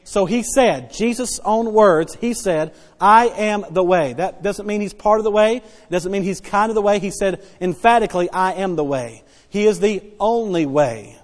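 A man preaching a sermon as pastor, emphatic and repetitive, dropping soft then rising loud to stress his points. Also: high-pitched, normal speed, hardly any pauses. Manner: emphatic preaching, repeats key phrases, swings between soft and loud. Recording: long hall reverb.

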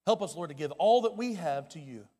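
A man preaching a sermon as pastor, his delivery swinging from loud and urgent to hushed and quiet. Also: on the high side, animated, a little fast. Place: church sanctuary. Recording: long hall reverb.

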